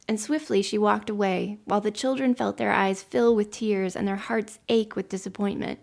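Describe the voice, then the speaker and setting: Gravelly woman reading a story aloud. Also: mid-range voice, steady tone, darkish tone. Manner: measured storytelling. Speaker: podcast host.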